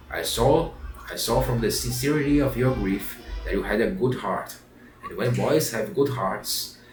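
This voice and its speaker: A kind but stern storybook fairy voiced by a man with a low tone, solemn and repeating her lessons. The voice sounds roomy and distant, with faint music behind. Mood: gentle. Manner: solemn, repeats lines over. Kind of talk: storybook reading.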